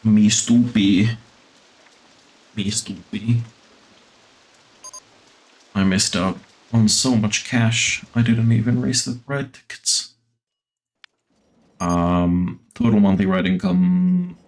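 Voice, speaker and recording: Playing a theme-park builder on stream, a man chats slowly through a desktop mic in a lowish voice with lively intonation. His commentary is casual, peppered with fillers and the occasional swear word.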